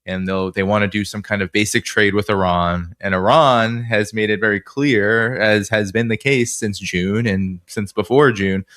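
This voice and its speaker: Hesitant low-voiced Boston interviewer. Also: male voice, fairly even intonation, normal speed, few pauses, a bit bright, no echo, studio quality. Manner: hesitant, many fillers, long winding questions. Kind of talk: interview questions.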